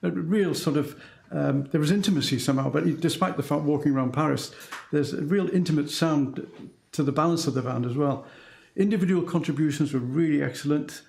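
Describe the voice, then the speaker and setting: A man's voice: a little high, brisk, vocal fry, darkish tone, reverberant. A man giving thoughtful commentary on a band performance as an adjudicator.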